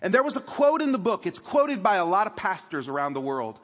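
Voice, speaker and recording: Male pastor, fairly high voice, preaching from scripture, casual asides and restarts, long hall reverb. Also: sing-song, fairly quick, a bit bright. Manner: reads scripture aloud, then explains with restarts and self-corrections. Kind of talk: sermon.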